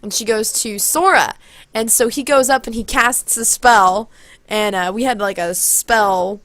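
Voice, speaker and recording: Woman rambling thru a story on her vlog, does silly high voices for quotes, close mic, dry sound. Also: measured pace, a bit bright, no room sound. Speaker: vlogger. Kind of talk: casual storytelling. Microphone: handheld corded mic held close.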